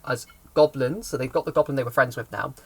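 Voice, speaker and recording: Man, game master, casual explainer talk, rambling, self-correcting, mid-pitched voice. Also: quick pace, creaky, husky. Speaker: game master giving advice.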